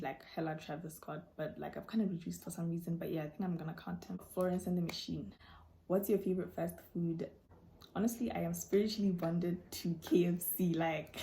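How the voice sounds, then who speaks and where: A woman's voice: lowish voice, vocal fry. A young woman vlogger telling stories and answering viewer questions in a casual chat, acting out dialogue with sudden jumps in voice. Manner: animated, acts out dialogue with quick voice jumps.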